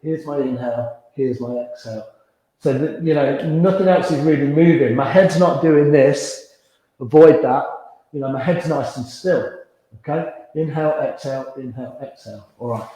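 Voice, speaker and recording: A man teaching a gentle beginners yoga class, calmly cueing breaths and movements and chuckling now and then. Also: mid-range voice, moderate pace. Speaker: yoga instructor. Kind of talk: guided yoga class instruction. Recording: echoey room.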